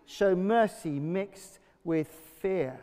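A man delivers a lively sermon in a high, bright register. He calls on the congregation to repeat lines back to him. His voice rings with the long reverb of a church hall. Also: very slow. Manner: energetic, leads congregation call-and-response. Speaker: pastor.

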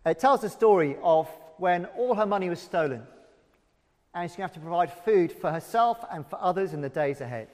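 Man, preacher, lively storyteller, high voice, long hall reverb. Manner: animated, conversational, rhetorical questions. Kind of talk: sermon with storytelling.

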